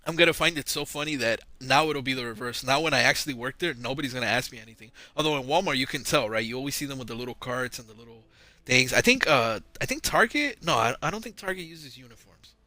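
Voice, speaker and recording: A man's voice: medium pitch, lively intonation, quick pace, bright, forceful tone. A man hosting his own channel, telling a story in a casual, slangy, rambling monologue on a close mic. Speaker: channel host. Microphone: close mic, audio-only recording.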